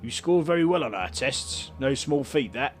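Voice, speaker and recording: A male player reads dialogue as a big, bearded Cockney game councillor, calm and welcoming with a lively up-and-down delivery. His medium-pitched voice, at a moderate pace, sits close to an everyday voice over soft background music.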